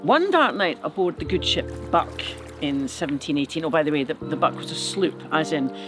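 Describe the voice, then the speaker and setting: A man's voice: fairly high pitch, lively intonation, normal speed. A man narrating a comic history story with playful, chatty asides to the listener. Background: music.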